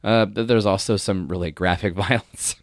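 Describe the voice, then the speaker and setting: A man's voice: on the low side, fairly even intonation, normal speed, creaky, no echo, studio quality. A man co-hosting a podcast, chatting casually in an easygoing way. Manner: easygoing, laughs often between remarks. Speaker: podcast co-host. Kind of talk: casual chat.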